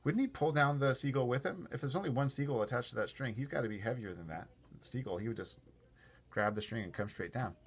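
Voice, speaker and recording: A man's voice: medium pitch, fast talker, breathy edge. A man reading a children's book aloud, stopping for chatty asides to his listeners. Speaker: storyteller.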